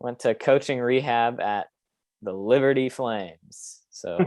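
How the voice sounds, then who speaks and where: A man's voice: mid-range voice, slow pace, darkish tone, no echo. A young man hosting a casual sports podcast, opinionated and rambling with lots of fillers. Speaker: podcast host.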